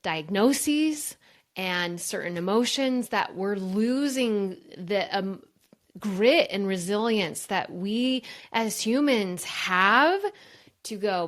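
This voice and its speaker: Telling a personal story as a podcast interview guest, a woman who works as a brain coach speaks in an earnest, emphatic way and addresses listeners as "you guys." Her voice is medium in pitch, slow, and lively in intonation.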